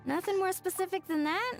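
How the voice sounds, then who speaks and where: High, lively young adventurer woman, breezy, faint music behind. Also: full character voice. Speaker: game character. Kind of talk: video game voice acting.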